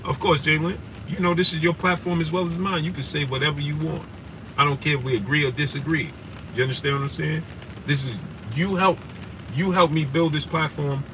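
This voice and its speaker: A married man with kids hosts a casual sports live stream in a fairly high, fairly quick voice with fairly even intonation. Though passionate, he greets viewers by name and often asks "right?", and the distant mic lets clear background noise through.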